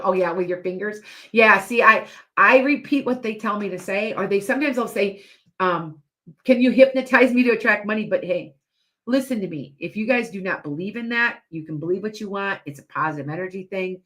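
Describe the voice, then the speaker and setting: A woman's voice: mid-range voice, a little fast, fairly bright tone. Lady psychic rambling on a live stream, restarts a lot, chatty asides to viewers.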